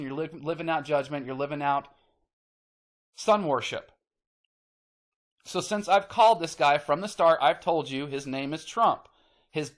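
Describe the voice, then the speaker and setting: A man hosting his own channel, ranting emphatically to the camera, repeating himself, swearing casually and getting worked up. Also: fairly high pitch. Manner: emphatic, repetitive, gets worked up. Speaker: channel host.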